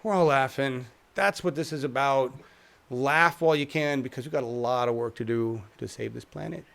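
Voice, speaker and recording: A man's voice: medium pitch, normal speed, creaky, a bit bright. A man hosting a casual livestream chat show, talking in a rambling, chuckling, self-deprecating way. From United States. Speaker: host.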